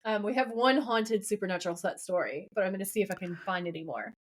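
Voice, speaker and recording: A woman co-hosting a podcast in casual chat, animated and often laughing as she retells scenes. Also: mid-range voice, quick pace. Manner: animated, laughing while reading lines aloud. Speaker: podcast co-host.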